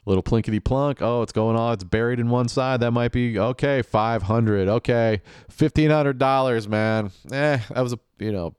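A man's voice: mid-range voice, normal speed, few pauses, a little mellow, smooth, dry recording, clean studio sound. A male podcast host giving joking, sarcastic play-by-play of a TV game show and chuckling often.

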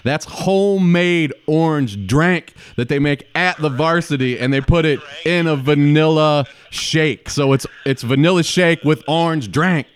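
A brash, playful man doing a hyped fast food promo, stretching words for effect. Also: a little high. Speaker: podcast co-host doing a promo.

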